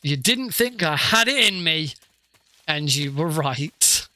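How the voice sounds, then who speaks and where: A man's voice: on the high side, lively intonation, takes it slowly, bright, forceful tone, no echo. A man chatting casually while streaming a game, joking at his own expense and laughing often. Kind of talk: casual gameplay livestream commentary.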